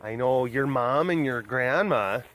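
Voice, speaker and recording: A man's voice: medium pitch, lively intonation, unhurried, fairly bright tone. A bubbly man recording a casual outdoor walk-around vlog at a big cat sanctuary. He chats with the viewers and baby-talks to the cats. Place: outdoors at an animal compound.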